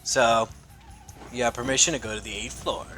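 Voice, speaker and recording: Bright-voiced young man, profane and rambling. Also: mid-range voice, fairly even intonation, normal speed, faint music behind. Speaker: comic reviewer. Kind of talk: casual review.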